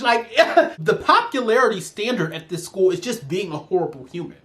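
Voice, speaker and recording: A woman's voice: mid-range voice, very animated, moderate pace, hardly any pauses, a bit bright. A woman giving a ranting review in a vlog, sassy and profane as she vents. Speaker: show reviewer.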